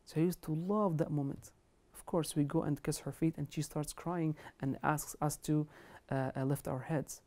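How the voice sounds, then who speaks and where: A woman's voice: deep voice, fairly even intonation, moderate pace, mellow. Earnest woman giving an Islamic lecture. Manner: earnest, emphatic, quotes Arabic scripture and scholars. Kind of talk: religious lecture on kindness to parents.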